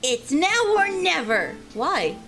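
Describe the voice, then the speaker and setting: A woman's voice: sits high, big pitch swings, slow. A woman giggling and exclaiming while playing a voiced game with friends. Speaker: fan dub player. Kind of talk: casual gameplay banter. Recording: game music loud behind.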